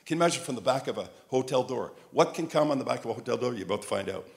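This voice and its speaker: An older male preacher from Montreal, telling humorous stories in his sermon and rising to loud, emphatic peaks. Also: medium pitch, lively intonation, very fast, vocal fry. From Montreal, Canada.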